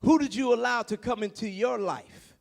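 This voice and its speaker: A man preaching a sermon, building from hushed tones to shouting, firing rhetorical questions at the congregation. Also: very high-pitched, moderate pace, vocal fry. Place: large church sanctuary. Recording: long reverb of a church hall.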